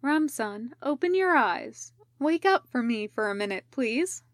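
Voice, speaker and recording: A woman reading a brisk, caring female medic who asks clinical questions patiently. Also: sits high, sing-song, dry recording, studio quality.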